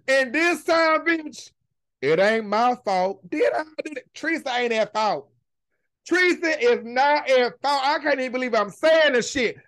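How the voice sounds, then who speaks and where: A woman's voice: high voice, expressive, slow, fairly bright tone. A woman hosting a podcast, giving casual commentary in an emphatic, heavily profane rant that stretches out her swear words. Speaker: podcast host.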